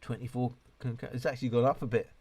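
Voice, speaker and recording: A man hosting a relaxed late-night livestream, rambling and a bit tipsy. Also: medium pitch, fast talker, slight background noise. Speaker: livestream host.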